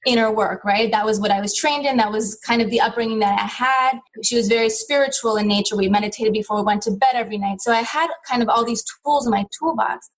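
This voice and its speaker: A woman's voice: fairly high pitch, fast, hardly any pauses, rough recording. Earnest woman telling a personal story. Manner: earnest, reflective, with frequent restarts. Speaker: interview guest.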